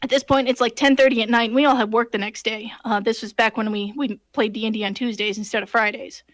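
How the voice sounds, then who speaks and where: A woman game master casually retelling a tabletop session in an animated way, with many fillers and restarts. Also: fairly high pitch, fast talker, dry recording. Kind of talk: casual storytelling.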